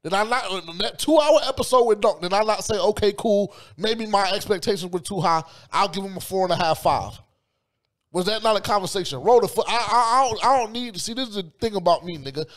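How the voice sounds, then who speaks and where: A man co-hosting a sports podcast, arguing loudly and profanely, talking over the others in a heated casual debate. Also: sits high, lively intonation, fairly quick. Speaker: podcast co-host.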